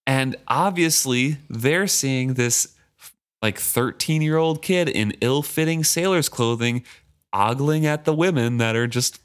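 A man co-hosting a casual book podcast, reading passages aloud and paraphrasing them in a relaxed way. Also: medium pitch, a little slow, smooth. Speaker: podcast co-host.

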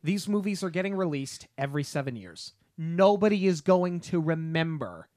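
A man co-hosting a podcast, building up a story slowly with playful disbelief. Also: on the high side, lively intonation, darkish tone, dry recording, studio quality. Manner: slow, deliberate build-ups with playful disbelief. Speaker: podcast co-host. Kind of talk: casual podcast chat. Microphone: podcast microphone.

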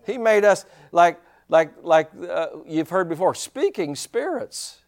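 A male pastor preaching a sermon in an animated way, full of rhetorical questions and chuckling asides. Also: high-pitched, measured pace.

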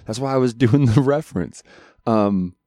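A man's voice: mid-range voice, moderate pace, mellow, no echo. A man in his thirties co-hosting a podcast, chatting loosely with lots of swearing and rambling. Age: 30s. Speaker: podcast co-host. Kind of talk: casual chat.

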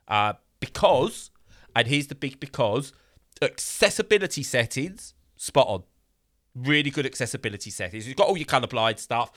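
Bright-voiced man chatting casually. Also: medium pitch, normal speed. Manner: animated, rambling, with many fillers and sudden bursts of exasperation. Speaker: podcast co-host reviewing a game. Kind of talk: casual chat.

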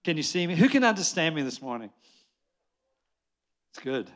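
An Australian man in his sixties preaching a lively sermon to a church congregation, chatty and jokey, rambling with restarts. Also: a little high, moderate pace. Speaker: pastor. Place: church service before a congregation.

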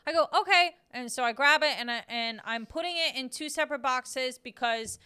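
High bright-voiced woman ranting. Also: fairly quick, clean tone. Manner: blunt, profane ranting. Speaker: podcast co-host. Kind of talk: casual chat.

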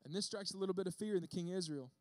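High-voiced animated young-sounding preacher. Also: male voice, very fast, no echo. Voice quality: bearded speaker. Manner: casual, animated storytelling with acted-out quotes. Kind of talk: sermon.

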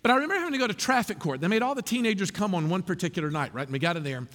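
Guy preaching, high voice that swoops all over, chatty asides, big echoey church hall. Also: rapid-fire. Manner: animated, conversational preaching with asides. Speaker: pastor. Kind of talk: sermon.

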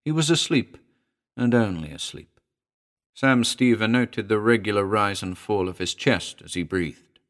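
A man narrating a short horror story in a dramatic reading, moving between hushed and urgent delivery. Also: on the low side, animated, a little slow.

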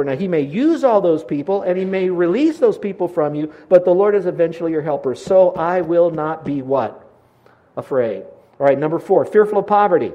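An older man preaches with a slightly raised pitch, storytelling in a lively way. He swings between booming and hushed passages and trips over repeated words in his excitement. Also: a little fast, highs cut off. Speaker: pastor. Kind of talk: sermon.

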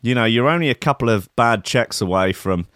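A man's voice: medium pitch, lively intonation, brisk, fairly bright tone, no echo, clean studio sound. A man hosting a comedic morning show, rambling and swearing playfully. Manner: rambling, profane, playful mock-cockney bits. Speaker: show host. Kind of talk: casual comedic monologue with swearing.

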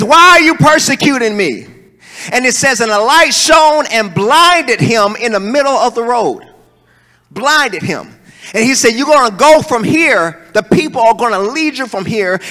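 A male preacher, preaching a sermon and swinging between soaring calls and low, joking asides. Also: expressive, moderate pace, bright, forceful tone. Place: church hall. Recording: long hall reverb.

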